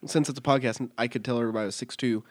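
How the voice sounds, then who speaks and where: A man's voice: mid-range voice, very fast. A man in his thirties co-hosting a podcast, telling stories in a casual chat, acting out voices and laughing often. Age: 30s. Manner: animated storyteller, acts out voices, laughs often. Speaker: podcast co-host.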